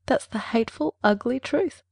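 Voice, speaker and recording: A woman puts on a seventeen-year-old girl from an old storybook, lifting her voice well above her own. She talks in a doleful, gushing way and sounds a little gravelly. The recording is close and dry. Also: fairly high pitch, moderate pace, no echo, pitched above the performer's own voice. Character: wistful dramatic girl of seventeen.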